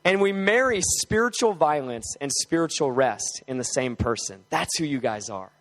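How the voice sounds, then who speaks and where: A young adult man preaching a sermon and leading group prayer, casual and conversational, then fervent and building to shouted exclamations. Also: a little high, expressive, normal speed. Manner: casual, conversational with filler words. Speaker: guest preacher.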